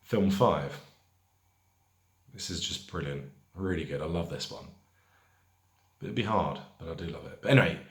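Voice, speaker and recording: Hosting a pub quiz, a man reads out each question at a slow pace and repeats it, his voice lowish and expressive. He wanders into chatty remarks between questions, and the space around him is echoey.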